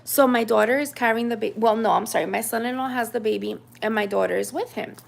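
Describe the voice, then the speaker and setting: A woman's voice: on the high side, quick pace, vocal fry. A woman in her thirties from the United States, telling a personal story in a chatty, casual way with lots of fillers. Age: 30s. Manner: chatty, animated retelling with many fillers.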